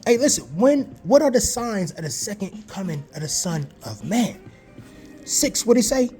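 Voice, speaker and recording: A man preaching excitedly over news clips and scripture, calling out to listeners with "man" and "listen". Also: high voice, moderate pace, faint music behind. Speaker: online preacher reacting to news videos. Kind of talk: live video reaction with scripture reading.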